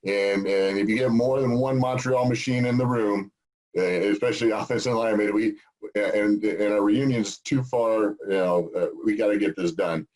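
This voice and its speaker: Man, co-host, low voice, folksy, laughs a lot, casual chat. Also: moderate pace, a little mellow, poor audio. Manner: folksy, laughs often, stammers on restarts. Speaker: co-host, former football player.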